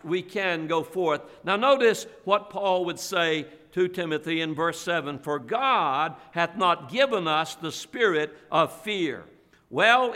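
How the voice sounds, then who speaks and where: A male pastor preaching a sermon in a church, with slow, emphatic delivery and repeated phrases. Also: sits high, bright, forceful tone. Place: church sanctuary. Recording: long hall reverb.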